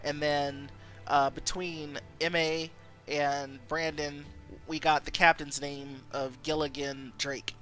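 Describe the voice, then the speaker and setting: A woman's voice: sits low, bright, forceful tone. A woman streamer reading a story game aloud and chatting with viewers, with frequent giggles.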